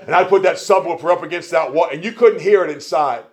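A male preacher with a slightly high voice delivers a sermon in a folksy storytelling way. He drops into quiet, joking asides, then builds to loud, fervent emphasis. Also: fast talker, a little hiss or hum.

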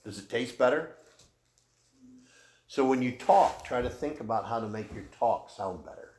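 A man's voice: mid-range voice, moderate pace, a little mellow. A man teaching the Bible in a folksy, conversational way, answering questions from the people in the room. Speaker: pastor. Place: church room. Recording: echoey room, faint noise.

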